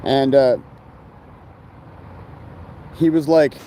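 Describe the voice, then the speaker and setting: A man's voice: medium pitch, steady tone, very slow, dark tone, a little hiss or hum. A man talking in a rambling, casual monologue full of slang and fillers about life on the road. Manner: meandering, filler-heavy, laid-back slang.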